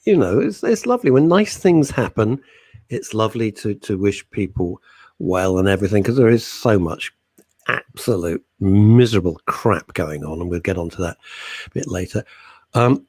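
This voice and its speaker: A man's voice: on the low side, sing-song, normal speed, a little mellow, breathy edge, dry recording, studio quality. A man co-hosting a radio chat show, reading listener messages with jokey, teasing banter. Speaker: radio co-host.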